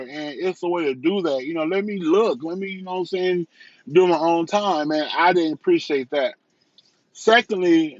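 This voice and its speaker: A man with a slightly high voice talks through a casual vlog review, circling back and repeating himself as he goes. He is from the south suburbs of Chicago. The recording is dry and a bit muffled. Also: dry recording. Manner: candid, rambling, repeats phrases, restarts often. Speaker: vlogger and entrepreneur.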